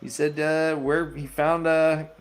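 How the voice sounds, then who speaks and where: A man's voice: on the high side, flat delivery, slow pace. A man casually recapping book chapters on a chat show, loose and joking, sliding into playful character voices and crude asides. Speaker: podcast host recapping chapters.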